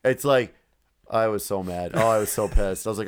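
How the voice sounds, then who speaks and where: A man's voice: lowish voice, a little fast, smooth. Rambling, swearing podcast man. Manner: rambling, swears freely, acts out his own reactions. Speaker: podcast co-host. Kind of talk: casual chat.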